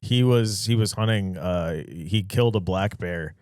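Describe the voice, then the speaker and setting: A man's voice: deep voice, a little slow, a little mellow, dry recording, studio quality. A man co-hosting a podcast, telling laid-back anecdotes in casual chat. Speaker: podcast co-host.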